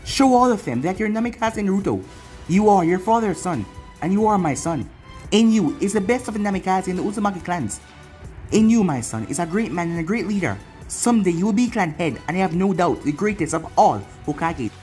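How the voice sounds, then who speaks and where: The story's narrator voicing a loving, protective mother who heads a ninja clan, reading a fan fiction aloud in a gentle, earnest manner. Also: mid-range voice, animated, fairly quick, faint music behind, lightly acted.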